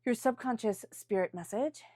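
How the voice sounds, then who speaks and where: A woman with a voice on the high side and a slightly mellow tone reads tarot for a weekly forecast at a moderate pace, with no room sound. Unscripted and earnest, she encourages her listeners, frequently restarts what she's saying, and at times calls upon angels and spirit guides.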